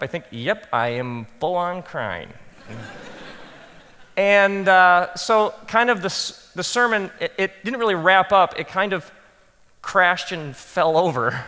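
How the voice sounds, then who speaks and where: A man speaking to a room of pastors, telling funny stories from his own work and acting out his inner thoughts in a hushed voice. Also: high-pitched, clear, resonant tone. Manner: animated storytelling, acts out quoted inner thoughts in hushed tones. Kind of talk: conference talk with humorous stories. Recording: long hall reverb.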